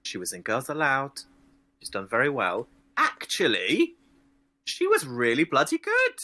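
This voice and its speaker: A man guesting on a casual podcast, bubbly and animated, laughing readily. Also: medium pitch, unhurried. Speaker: podcast guest, drag performer.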